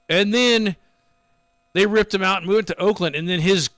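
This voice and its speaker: A man's voice: high voice, moderate pace, long pauses, a bit bright, dry recording, clean studio sound. A man co-hosting a casual sports podcast, ranting and telling stories with plenty of swearing. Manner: profane, ranting, storytelling. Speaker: podcast co-host.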